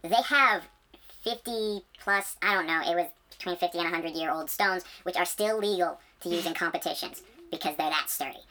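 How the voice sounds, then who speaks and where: A young woman co-hosting a casual chat, throwing in quick joking, deadpan asides. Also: lowish voice, low-quality recording.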